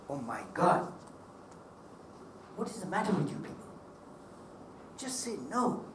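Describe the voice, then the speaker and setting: A man's voice: sits high, sing-song, unhurried, pauses often, a bit bright, a little hiss or hum. A man giving a seminar talk, telling humorous stories with emphatic delivery. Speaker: seminar speaker. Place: hotel seminar hall. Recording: echoey hall, mic at a distance.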